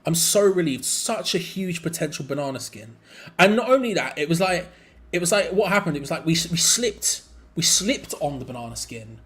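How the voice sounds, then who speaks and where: A young man hosting a live football watch-along, mixing quick play-by-play with rambling chat and sudden excited outbursts. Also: on the high side. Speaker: fan channel co-host.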